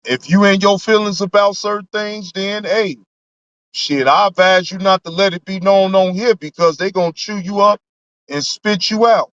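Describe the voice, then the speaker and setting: High-voiced guy on a livestream, cussing and rambling to chat, dry dull lo-fi audio. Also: fairly even intonation, moderate pace, a bit bright, no room sound. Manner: laid-back, profane, rambling. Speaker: livestream host. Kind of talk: casual livestream talk reading chat. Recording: dull lo-fi sound.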